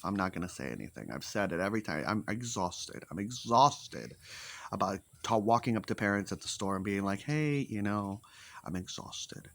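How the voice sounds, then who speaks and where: Blunt, lively low-voiced man ranting. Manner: blunt, animated, repeats points for emphasis; swears freely. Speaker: vlogger giving opinions. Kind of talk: casual opinion monologue.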